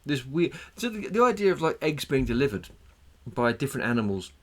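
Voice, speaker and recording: A man's voice: medium pitch, big pitch swings, fairly quick. A man co-hosting a casual podcast, sharing trivia in a chatty way and swearing freely. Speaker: podcast co-host. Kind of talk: casual banter.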